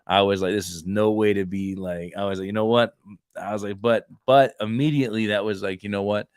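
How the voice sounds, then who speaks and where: A man's voice: lowish voice, fairly even intonation, fairly quick, darkish tone, clean tone, no echo, studio quality. A man co-hosting a casual faith podcast, telling rambling stories and acting out the dialogue in them. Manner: rambling storyteller, acts out quoted dialogue. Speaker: podcast co-host; Marine reservist.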